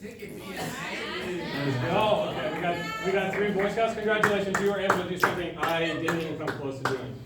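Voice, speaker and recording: A young man giving a sermon to a student group, telling a personal story in a casual, animated way with frequent laughter. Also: high-pitched, a little fast. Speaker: student speaker. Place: large room at a student gathering. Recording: echoey room, from far off, faint noise.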